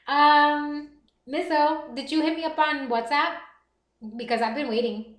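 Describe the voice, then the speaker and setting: A woman streaming live, chatting casually with viewers and reading their comments aloud, animated and quick to laugh. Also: sits high. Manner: animated, laughs often, reads chat aloud. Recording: roomy echo.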